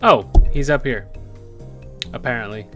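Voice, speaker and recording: A tired let's play host, musing aloud in a low-key voice while playing a detective game. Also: measured pace, a bit bright, soft background music. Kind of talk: casual game commentary.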